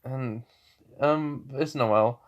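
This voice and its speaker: A man's voice: mid-range voice, slow pace, muffled recording. A man casually retelling a fan story, rambling with many fillers and self-corrections.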